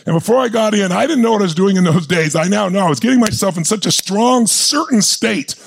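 Gravelly, intense man in his sixties. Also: high-pitched, animated, quick pace. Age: 60s. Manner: intense, passionate, rallies the audience. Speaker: motivational speaker. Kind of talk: live seminar storytelling.

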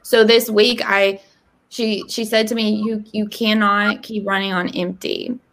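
A woman in her thirties telling a candid personal story in casual conversation, acting out quoted lines. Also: a little slow. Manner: animated, acts out quoted dialogue with rising pitch. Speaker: podcast guest.

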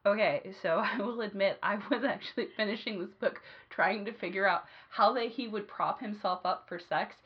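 A woman co-hosting a podcast in casual chat, telling animated stories and acting out quotes. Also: medium pitch, moderate pace, hardly any pauses, highs cut off. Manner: animated storyteller, acts out quotes. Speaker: podcast co-host.

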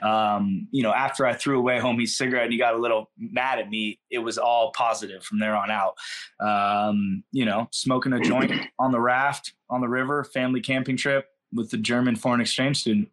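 A man's voice: medium pitch, steady tone, brisk, fairly bright tone. A middle-aged man from California, a podcast guest telling stories in a laid-back, slangy, rambling way. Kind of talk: casual storytelling in a podcast interview.

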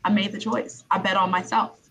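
A woman from Brooklyn interviews a guest in a loose, conversational way. She leans on "you know" and repeats her words as she goes. Her voice sits at a middle pitch over faint background ambience. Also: little pitch movement, a little fast, fairly bright tone, a little hiss or hum, low-quality recording. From Brooklyn, New York.

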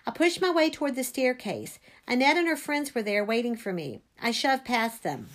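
A woman reading a first-person story aloud, expressive. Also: a little high, normal speed. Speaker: reader.

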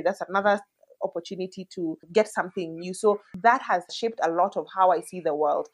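A mother in her thirties, appearing as an interview guest, talks candidly and reflectively in a casual conversation. Her voice is mid-range and she fills her speech with lots of "like."

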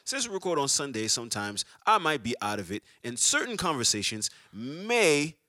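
A man co-hosting a podcast, talking loudly and passionately in a casual, heated debate. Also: medium pitch, sing-song, moderate pace, no room sound, studio quality. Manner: loud and passionate, talks over others. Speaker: podcast co-host.

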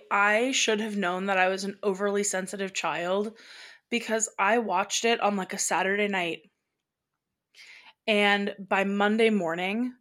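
A woman's voice: medium pitch, fairly bright tone. A young adult woman co-hosting a podcast in casual chat, talkative and emotional, laughing easily. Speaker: podcast co-host.

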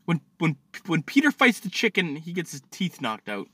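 A man on a profane comic rant in a bright, sharp voice pitched somewhat high. His delivery is very lively, jumping from loud outbursts to grumbling mutters. He stammers and restarts as he fumes, and the sound is dry and close. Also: moderate pace, breathy edge, dry recording. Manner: swears constantly, stammers and restarts; agitated, swings between loud outbursts and mutters.

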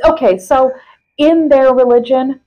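A woman's voice: high voice, steady tone, a little slow, warm tone, lo-fi sound. A middle-aged woman co-hosting a podcast in casual chat, reading passages aloud in a dry, wry way. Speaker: podcast co-host.

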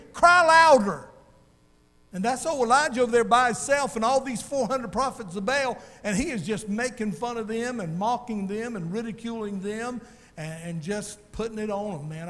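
A male pastor preaching a sermon in a folksy, animated storytelling way, calling out to his congregation. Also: high-pitched, fairly quick, in a large hall.

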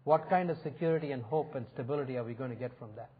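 A man's voice: mid-range voice, very fast, hardly any pauses, breathy edge. A male pastor preaching a sermon in an earnest, inviting way, swelling and dropping his emphasis. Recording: phone-like narrow sound.

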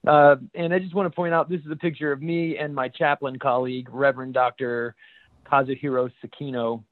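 A man's voice: medium pitch, level tone, brisk. A man, a chaplain and podcast co-host, telling a story in casual chat and laughing as he goes. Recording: tinny phone-like line.

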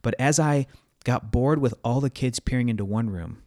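Co-hosting a casual podcast chat, a man rambles with lots of fillers and restarts. His medium-pitched voice is a little mellow at normal speed, recorded dry with clean studio sound.

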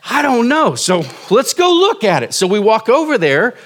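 A man's voice: extremely high pitch, wildly swooping pitch, normal speed. A man in his forties preaching a sermon as pastor, telling a story casually and making fun of himself. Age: 40s. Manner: casual, self-mocking storytelling.

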